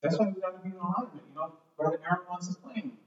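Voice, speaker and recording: Speaking quickly in a high voice, a man preaches, reading from scripture and talking conversationally with asides and repetition. The hall echoes, his voice comes from far away, and the recording sounds dull.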